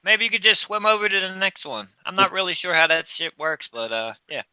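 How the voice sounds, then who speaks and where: A man's voice: high voice, a little fast, sharp tone, smooth, dry recording, muffled recording. A man from the United States co-hosting a casual podcast, making self-deprecating jokes with some mild swearing. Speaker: podcast co-host.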